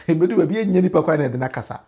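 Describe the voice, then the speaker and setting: A Ghanaian man hosting a political livestream, talking in animated commentary that mixes Twi and pidgin English, with emphatic rises and frequent laughs. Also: on the high side, very fast, slightly rough, muffled recording.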